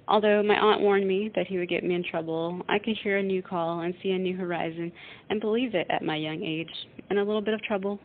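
A woman radio host reading a novel aloud in a steady, measured way, heard through a tinny phone-like sound. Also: lowish voice.

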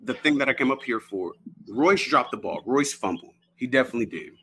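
A caller giving measured, sardonic commentary on a live stream. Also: male voice, medium pitch, animated, heavy background noise. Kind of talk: casual call-in commentary.

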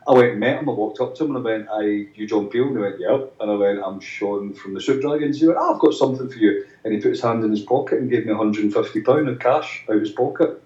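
Low-voiced man telling stories, roomy and dull. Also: fast, darkish tone. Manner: rambling, restarts, acts out quoted voices. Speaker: musician guest. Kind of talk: anecdotal interview chat. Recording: roomy, distant, dull sound.

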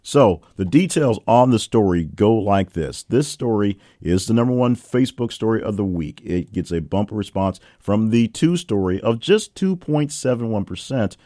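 A man's voice: normal speed, few pauses, no echo, clean studio sound. A man hosting a weekly news roundup, reading headlines and quotes with wry asides in a casual way. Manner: reads headlines with wry asides and lively swings in pitch. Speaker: news show host.

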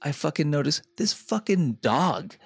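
A man's voice: fairly high pitch, sing-song, measured pace, vocal fry, breathy edge, no room sound. Podcast co-host, young man, blunt crude storyteller, dry sound. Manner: crude storytelling, lots of swearing. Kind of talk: casual chat.

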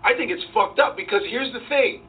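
A man being interviewed as a comedian, talking in an animated, profane way and acting out voices as he goes. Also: extremely high pitch, a little fast. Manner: profane, acts out voices and quotes. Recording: distant tinny sound with faint hiss.

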